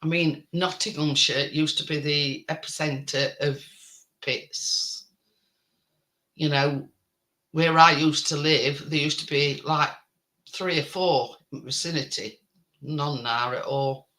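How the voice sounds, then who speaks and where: A man's voice: on the high side, steady tone, pushed and bright. A man with a Yorkshire accent hosting a casual live stream, rambling and restarting his sentences. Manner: halting, rambling speech with many restarts.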